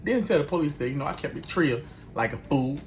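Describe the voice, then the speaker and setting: A man's voice: on the high side, expressive, quick pace, a little hiss or hum. A man animatedly telling a personal story in loose, slangy talk, acting out every line of the dialogue himself.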